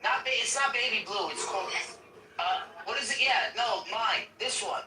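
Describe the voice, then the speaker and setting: Man hosting a stream, rambling chatter, lively ups and downs, roomy far-off audio, music behind. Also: sits high, moderate pace. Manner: laughing, excitable, rambling. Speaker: stream host. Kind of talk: casual livestream chat.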